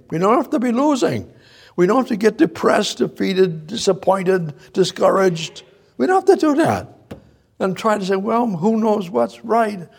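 Gravelly, husky-voiced man preaching a sermon. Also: high-pitched, a little mellow. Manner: halting, repeats himself, rhetorical questions.

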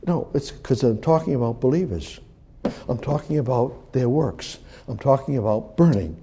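A man preaching a sermon, reading scripture aloud and commenting on it, swinging from loud emphatic rises to hushed near-whispers. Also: medium pitch, animated, moderate pace, slightly rough. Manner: reads scripture aloud and comments between verses.

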